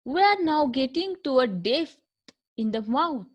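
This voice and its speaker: A woman's voice: high voice, sing-song, unhurried, dull audio. A woman with an Indian accent giving a recorded phonetics lecture as an English lecturer, patiently repeating and drilling each sound.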